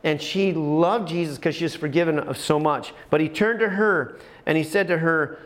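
Passionate preacher with a fairly high voice. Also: male voice, moderate pace, few pauses, a bit bright. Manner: passionate storytelling preacher, repeats phrases for emphasis. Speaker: pastor. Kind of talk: sermon.

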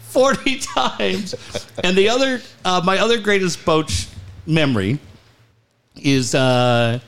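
Man, sports radio host, casual storytelling, animated, profane, laughing. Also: high-pitched, takes it slowly, gravelly.

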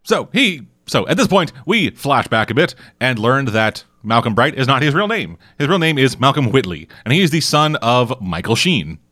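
A man's voice: mid-range voice, big pitch swings, moderate pace, few pauses, bright, forceful tone, no room sound, clean studio sound. A man casually recapping a TV show for a podcast, swearing often and rambling through asides. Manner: profane, rambling storyteller. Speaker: podcast co-host.

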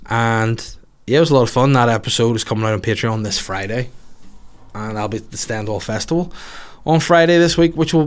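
A man hosts a podcast in a loose, casual way. He jokes irreverently and swears freely while reading out listener stories, in an ordinary mid-range voice. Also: medium pitch. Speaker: podcast host.

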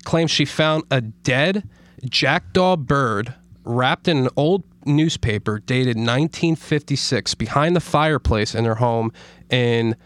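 A man's voice: mid-range voice, slow pace, a bit bright, smooth, no room sound. A man co-hosting a casual podcast, reading stories aloud with stumbles and frequent laughter. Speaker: podcast co-host.

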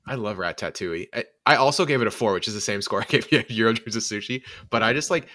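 Bright-voiced man chatting about movies. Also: on the low side, quick pace. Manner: animated, frequent "like" fillers. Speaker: podcast co-host. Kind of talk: casual movie discussion.

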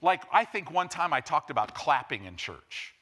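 Bright-voiced, impassioned male pastor. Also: a little high, sing-song, normal speed. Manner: impassioned, rises to loud emphatic preaching. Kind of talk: sermon.

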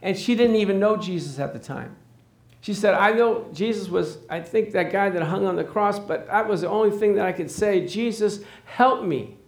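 A man delivers a sermon to his congregation, telling stories and voicing the people in them. His voice sits high for a man, and he leans into his key points. The room around him is echoey. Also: a little fast, gravelly. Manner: storytelling with acted dialogue, rising emphasis. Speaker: pastor.

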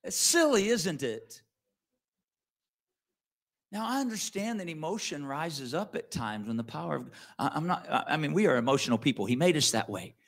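A man's voice: a little high, expressive, moderate pace. A middle-aged man, a pastor, telling a story in an earnest, conversational sermon with frequent restarts.

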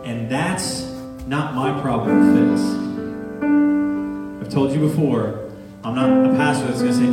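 A man's voice: mid-range voice, a little slow. A man preaching a sermon as pastor, talking plainly with humor and building emphasis. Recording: echoey church hall from far off, with guitar.

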